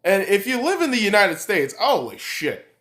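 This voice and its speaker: A man's voice: high voice, huge pitch swings, normal speed, fairly bright tone. A man hosting a podcast, ranting in a heated, sarcastic, swear-filled monologue. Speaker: podcast host. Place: room in Nevada. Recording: echoey room.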